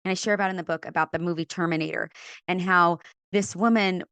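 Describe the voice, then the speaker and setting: A middle-aged woman from California, a podcast guest and author, telling her faith story in an animated way, acting out quoted voices and laughing often. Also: fairly low pitch, fast, clear, resonant tone, no echo. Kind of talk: animated testimony in a faith interview.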